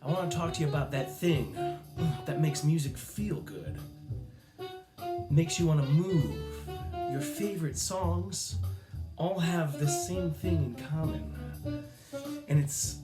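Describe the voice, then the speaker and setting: A man teaching a recorded music lesson to children, slow, patient and encouraging, sometimes making playful animal sounds. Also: on the high side, roomy sound.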